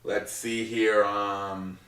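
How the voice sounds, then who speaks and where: A man's voice: on the low side, level tone, extremely slow, sharp tone. Casual male host, rambling with frequent ums and swearing, recorded off-mic in a roomy space. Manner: rambling, lots of filler words and swearing. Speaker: wrestling show recap host. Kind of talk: casual unscripted recap. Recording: roomy echo, distant from mic.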